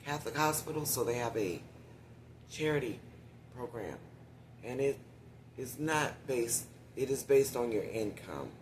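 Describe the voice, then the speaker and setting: Man, casual vlog, talks straight to viewers, whispered asides, winded from talking, mid pitch, faint background hiss. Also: expressive, a little slow, pauses often. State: short of breath when talking long.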